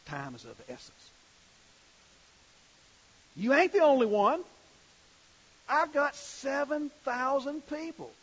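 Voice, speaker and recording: Quiet, blunt divine voice, a preacher doing it, low and husky, dull lo-fi sound. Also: male voice, full character voice.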